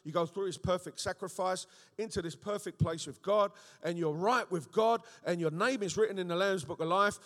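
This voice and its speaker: A man preaching an animated sermon, often checking in with his listeners. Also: high-pitched, moderate pace, hardly any pauses. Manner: animated, rhetorical, frequent call-and-response checks. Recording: echoey hall with long reverb.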